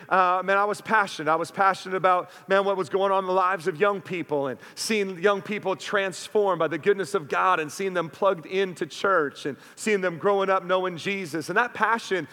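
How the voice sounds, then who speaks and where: A male pastor preaches with fervent energy in a fairly high voice, dropping "man" between phrases and checking in with "right?". His voice rings through the church with a long hall reverb. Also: pushed and bright. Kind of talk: sermon.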